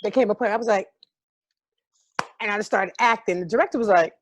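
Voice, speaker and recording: A woman's voice: mid-range voice, a little fast, a little hiss or hum. Frank, vivid woman recounting a role. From New York. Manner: vivid, profane, emotionally open. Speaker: guest, stage actor. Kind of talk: casual storytelling.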